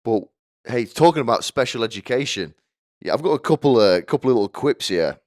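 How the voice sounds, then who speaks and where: A man's voice: mid-range voice, expressive, fairly quick, a little mellow, dry recording, clean studio sound. A young man hosting a podcast, telling rambling comic stories with stammering restarts and crude offhand jokes. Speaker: podcast host.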